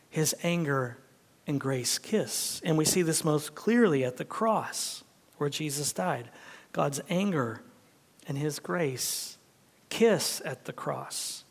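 A male pastor preaching a sermon, swinging from loud emphatic peaks to hushed whispers. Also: on the high side. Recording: long hall reverb.

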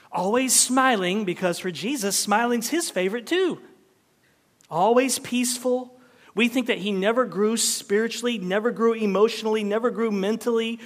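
Pastor, male, higher voice, lively sermon delivery with sudden whispered asides; long hall reverb. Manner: animated preaching, dropping to a hushed whisper for emphasis.

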